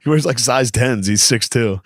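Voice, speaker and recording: A man's voice: mid-range voice, moderate pace. A man co-hosting a podcast, telling stories from home in a casual, profane way and laughing often as he goes. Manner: profane, laughing storyteller, says "dude" a lot. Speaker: podcast co-host. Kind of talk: casual chat.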